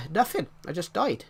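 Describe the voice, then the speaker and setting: A man's voice: on the high side, creaky, bright, forceful tone, slightly rough. A British man in his twenties chatting casually with viewers while streaming a game, rambling as he answers their comments. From Britain. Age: 20s. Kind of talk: casual live-stream chat while gaming.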